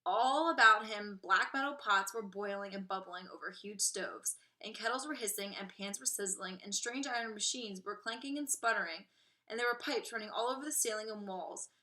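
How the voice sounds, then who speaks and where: Bright-voiced teacher reading a story aloud. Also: female voice, medium pitch, moderate pace. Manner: expressive, clear storytelling. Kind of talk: storybook read-aloud narration.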